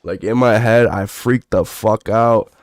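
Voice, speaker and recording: A man's voice: fairly low pitch, steady tone, measured pace. A young man streaming, telling a rambling, profane story with lots of fillers in a laid-back way.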